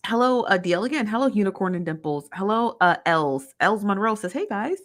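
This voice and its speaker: A woman's voice: medium pitch, animated, a little fast. A woman hosting a casual livestream, chatty and slangy, greeting viewers by name. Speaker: livestream host.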